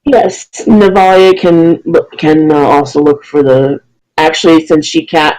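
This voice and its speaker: A dungeon master narrating a tabletop game, often pausing and correcting themselves mid-sentence. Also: mid-range voice, fairly even intonation, a little mellow, low-quality recording. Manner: halting, self-correcting narration.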